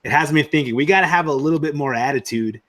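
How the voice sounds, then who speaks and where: A man with a Texan accent hosts a casual conversation among friends. He talks in a storytelling way, animated and easygoing, often dropping a friendly "man.". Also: a little high, fast. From Texas. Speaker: podcast host. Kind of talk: casual chat.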